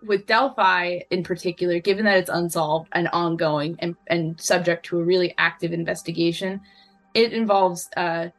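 A woman's voice: lowish voice, fairly even intonation, soft background music. A woman journalist answering interview questions carefully, often restarting her phrases. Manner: careful, halting, with many restarts.

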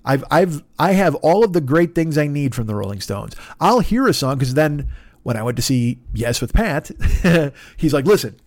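A man's voice: on the high side, sing-song, normal speed, no echo. A man who works as a comedian, hosting a podcast in a casual, rambling monologue full of swearing and restarts. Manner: profane, rambling, self-interrupting. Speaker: podcast host.

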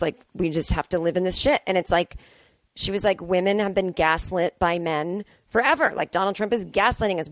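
A woman host rants bluntly through a casual comedic podcast monologue at home, swearing freely as she reacts to listener emails. Her voice sits at an ordinary middle pitch. The sound is dry and close, with no room echo.

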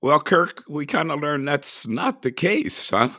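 Male host, mid pitch, dry close mic, brisk conversational moderator. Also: very animated, sharp tone, no echo. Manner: brisk, hands off to guests by name. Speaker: podcast host. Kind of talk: casual political podcast chat.

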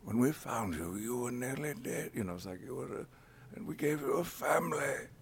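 A man imitating an elderly, wise male mentor who speaks with a measured, refined diction. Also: medium pitch, lively intonation, creaky, a little hiss or hum, voice pushed up. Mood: gentle. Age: older.

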